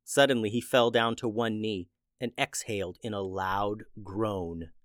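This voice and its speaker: Guy reading a kids story, steady and plain, dry close mic. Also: lowish voice, a little slow, no echo. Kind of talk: children's story narration.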